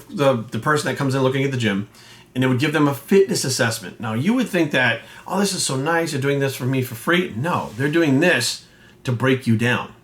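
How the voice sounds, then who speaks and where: A man's voice: medium pitch, fairly bright tone. A man, a fitness coach ranting casually and bluntly, swearing often and acting out quoted voices. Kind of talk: casual rant to camera.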